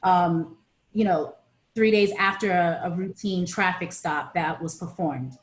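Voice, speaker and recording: A woman on a video call, recounting events to an online group with frequent pauses and fillers. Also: fairly low pitch, reverberant. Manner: hesitant, many fillers and restarts. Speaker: presenter on a panel. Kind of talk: reading a timeline to an online group.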